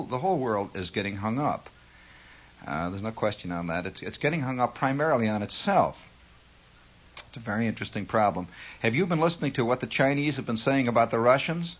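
A man rambles through a late-night radio monologue in a studio, dry and sardonic. His pitch swoops widely as he riffs, and he drifts from one aside to the next in a mock-grandiose tone. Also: breathy edge. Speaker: radio host.

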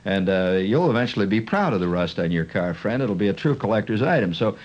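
A man with a husky, rather low voice performs a stand-up comedy monologue. He rambles and mocks as he tells the story, shifting into animated bursts. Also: brisk.

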